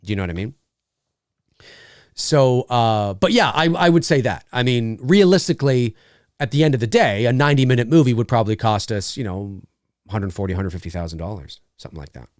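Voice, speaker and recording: The host's mid-range voice has lively intonation and a brisk pace, captured in a dry recording on a home studio mic. In this casual livestream he reads viewer comments, rambling and joking with many fillers.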